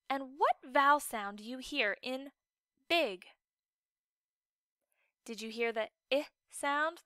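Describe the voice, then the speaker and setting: A woman's voice: sits high, bright, forceful tone, clean tone, dry recording, clean studio sound. A woman teacher giving a recorded phonics lesson for children, patient and encouraging, drawing out each word with exaggerated care. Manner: slow, exaggerated enunciation of words.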